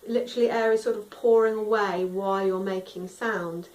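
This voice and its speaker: A woman's voice: mid-range voice, fairly even intonation, moderate pace, a little mellow, far from the mic. Singing teacher woman in a roomy echo. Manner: friendly instructive, demonstrates sung tones. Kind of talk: explanatory vocal lesson. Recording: roomy echo, a little off mic.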